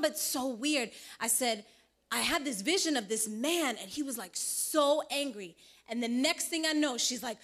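Bright, high-voiced woman telling her testimony. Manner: animated storytelling, quoting others in lively voices. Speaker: church member giving testimony. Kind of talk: personal testimony.

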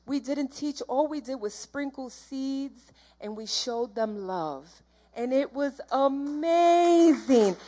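A woman's voice: a little high, unhurried, a little mellow. A woman giving a church testimony in an earnest, heartfelt, rambling way, jumping around in her story.

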